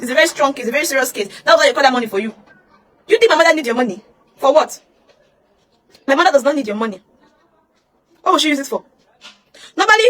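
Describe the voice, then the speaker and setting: A young Nigerian woman with a Nigerian accent and a high-pitched, fairly bright voice rants heatedly online. In this emotional social media rant, she scolds using rhetorical questions.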